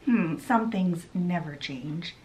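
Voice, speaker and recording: A woman voicing a scheming female fairy rival, slow and teasing in a sly, sneering way. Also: lowish voice, animated, darkish tone. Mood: sly taunting.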